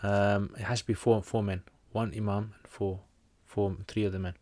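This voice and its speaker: Low-voiced British man, dry sound. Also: level tone, normal speed, darkish tone, dry recording. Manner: chatty, reads questions aloud then answers informally. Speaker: Islamic teacher answering viewer questions. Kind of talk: casual livestream Q&A.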